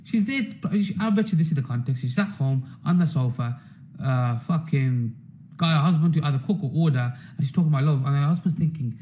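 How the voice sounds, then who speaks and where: A man's voice: a little high, expressive, quick pace, mellow, low-quality recording. Profane rambling man ranting. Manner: rambling, swearing, repeats himself. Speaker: trader hosting a members' market stream. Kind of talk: casual profane rant to members.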